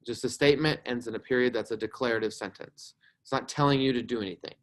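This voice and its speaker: A man's voice: medium pitch, fast talker. A young man teaching a grammar lesson to a class, explaining patiently and checking in with "right?" as he goes.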